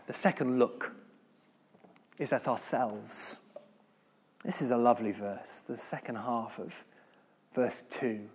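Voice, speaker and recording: Slow, deliberate preacher in an echoing hall. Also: male voice, medium pitch, husky. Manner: slow, deliberate delivery with dramatic rises and drops in volume. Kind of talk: sermon with scripture reading. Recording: long hall reverb.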